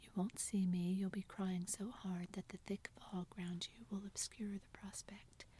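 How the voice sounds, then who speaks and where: A woman's voice: medium pitch, little pitch movement, unhurried, mellow, slight background noise, close to an everyday voice. A woman voicing a playful, teasing tall young man in a whispered role-play, with theatrical banter.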